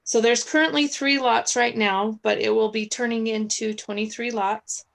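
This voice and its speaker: A woman's voice: fairly high pitch, steady tone, normal speed, creaky, low-quality recording. A woman city staffer at home, presenting a subdivision plan to a council over a video call, chatty and apologetic with many fillers, losing her voice.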